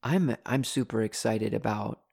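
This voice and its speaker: Man in his twenties, gravelly voice with a lot of fry, casual venting at home into a desk mic. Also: lowish voice, normal speed. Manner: animated, venting frustration with bursts of exasperation. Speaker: mindfulness teacher. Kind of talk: casual candid vlog talk. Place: bedroom at home. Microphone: desktop USB condenser mic.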